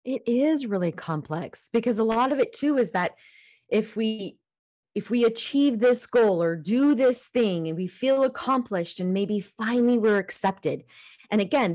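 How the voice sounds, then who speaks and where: A woman co-hosting a casual podcast, telling stories in an animated, emphatic way. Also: mid-range voice, dry recording, studio quality. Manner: animated storyteller, emphatic, emotional. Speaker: podcast co-host.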